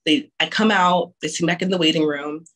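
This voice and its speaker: A woman's voice: sits low, fairly even intonation, fairly quick, fairly bright tone, a little hiss or hum, low-quality recording. A young woman telling her own abortion story frankly and candidly, with frequent restarts and casual swearing.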